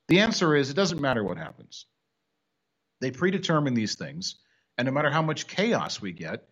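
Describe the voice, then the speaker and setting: A man's voice: medium pitch, highs cut off. A man hosting a casual sports talk show, wisecracking and rambling with frequent restarts.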